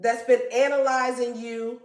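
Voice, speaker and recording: A woman's voice: fairly high pitch, flat delivery, measured pace, a little mellow. A woman giving a casual tarot reading in a blunt, slangy way and swearing freely. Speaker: tarot reader. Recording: echoey room.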